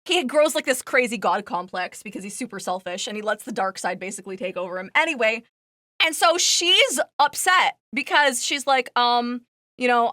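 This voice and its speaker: A woman's voice: on the high side, expressive, normal speed, pushed and bright, no room sound, clean studio sound. A woman streamer in casual chat, rambling with lots of fillers and laughing as she tells a story.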